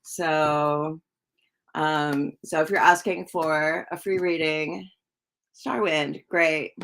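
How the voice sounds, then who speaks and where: A woman tarot reader chatting on a live stream, answering viewers' comments in a slow, drawn-out way with many ums. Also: sits low, steady tone, gravelly, a bit bright, slight background noise.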